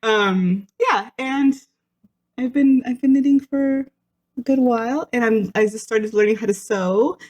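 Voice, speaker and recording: A woman's voice: fairly high pitch, measured pace, darkish tone. Giggly chatty woman podcast co-host. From Washington state, US. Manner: giggly, rambling, many restarts. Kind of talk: casual chat.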